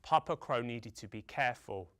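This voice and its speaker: A man telling a folktale to children in a theatrical way, with dramatic pauses and sound effects. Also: medium pitch, fairly bright tone, dry recording, clean studio sound. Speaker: storyteller.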